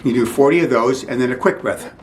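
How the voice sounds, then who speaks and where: A man talks through breathing practice in a loose, halting way, restarting phrases and checking in with listeners. His voice sits in a middle register and sounds set back from the mic. The room is echoey, with a faint rumble underneath. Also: distant mic. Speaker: breathing instructor. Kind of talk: informal spoken instruction.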